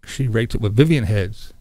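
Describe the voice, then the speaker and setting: A man's voice: on the low side, dark tone, breathy edge, no echo. A man hosting his own vlog, ranting bluntly and crudely with lots of swearing. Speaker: vlog host.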